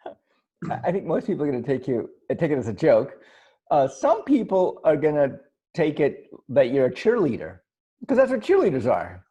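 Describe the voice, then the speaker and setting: A man co-hosting a casual podcast chat over a video call, animated and laughing often, with frequent restarts. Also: on the high side, normal speed, breathy edge, highs cut off. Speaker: podcast co-host. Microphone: video call mic.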